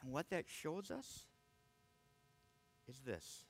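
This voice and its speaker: A man's voice: medium pitch, big pitch swings, slow pace, slight background noise. A man preaching a sermon, earnest and emphatic, often restarting his words as he presses a point. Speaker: pastor.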